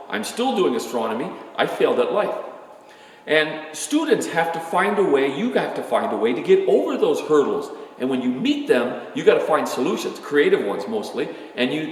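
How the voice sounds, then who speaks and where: A man's voice: fairly high pitch, slight background noise. A man in his sixties, an astronomer giving an informal, candid talk to students, rambling and self-deprecating as he tells stories. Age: 60s. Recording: echoey hall from far off.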